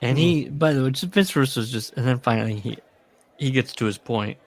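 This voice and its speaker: A man's voice: medium pitch, brisk, dry recording. Sarcastic man reading book excerpts. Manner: sarcastic, reads quotes aloud with commentary. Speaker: podcast co-host. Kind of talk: casual chat reading from a book.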